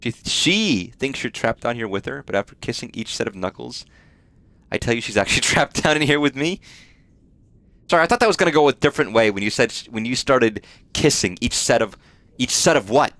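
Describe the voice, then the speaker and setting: A man's voice: medium pitch, animated, fairly quick, a bit bright, no echo. A man streaming a game live, chatting casually in a rambling way, swearing often and full of fillers. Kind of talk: casual live gameplay chat.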